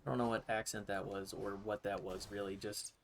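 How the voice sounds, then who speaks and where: A man's voice: lowish voice, little pitch movement, a little fast, creaky, slight background noise. Rambling male streamer. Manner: rambling, self-mocking asides. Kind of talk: casual gaming commentary.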